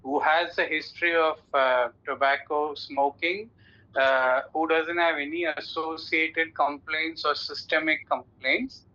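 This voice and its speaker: Bright-voiced man teaching cases. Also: a little high, fairly even intonation, measured pace. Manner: instructive, repeats points firmly. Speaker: oncology teacher. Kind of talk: clinical case teaching. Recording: dull lo-fi sound.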